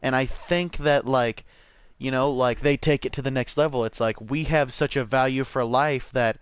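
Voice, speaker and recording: A young man talks over his gameplay in a relaxed, rambling way, swearing freely and drifting from topic to topic. His voice sits at an ordinary middle pitch and comes through smooth and clear on a desk mic. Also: normal speed. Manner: rambling, profane, laid-back, says "bro" and "man". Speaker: gameplay streamer. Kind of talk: casual gameplay commentary.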